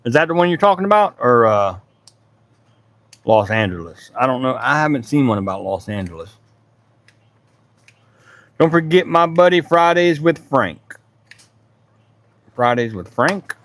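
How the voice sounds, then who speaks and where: A man's voice: mid-range voice, sing-song, a little slow, pauses often, a bit bright. A middle-aged man hosting a woodworking livestream from his home workshop. He chats casually and rambles, greeting viewers by name. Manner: laid-back, rambling, talks to chat by name.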